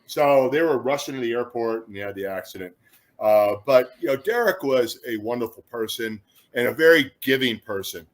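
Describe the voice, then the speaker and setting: A man in his fifties from Chicago, a former football player, telling lively anecdotes as an interview guest and acting out other people's words. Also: mid-range voice, normal speed. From Chicago, USA. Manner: animated storyteller who acts out quotes, with frequent restarts.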